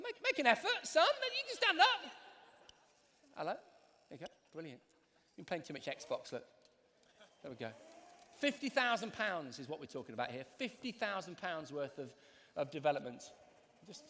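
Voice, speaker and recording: A man's voice: medium pitch, lively intonation, fast talker, a bit bright, a little hiss or hum. A man presenting live on stage, teasing the audience with mock outrage. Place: large arena stage. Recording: long arena reverb.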